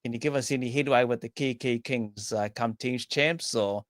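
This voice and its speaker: A New man hosts a relaxed motorsport chat, quick with jokes and shout-outs to viewers. His voice sits at a middling pitch and sounds dry and close, with no room around it. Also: no echo. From New Zealand. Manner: upbeat, jokey, rattles off viewer names. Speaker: podcast host.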